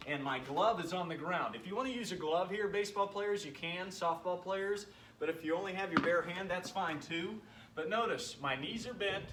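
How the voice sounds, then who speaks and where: The voice is on the high side, captured far from the mic with a noisy background. A man coaching a home workout as a PE teacher keeps it upbeat and encouraging, joking throughout, sometimes a little breathless.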